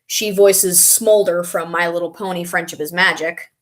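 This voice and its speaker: A woman's voice: lowish voice, steady tone, moderate pace. A young woman vlogging in a casual, rambling way, stopping now and then to recall names. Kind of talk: casual chat reading and answering comments.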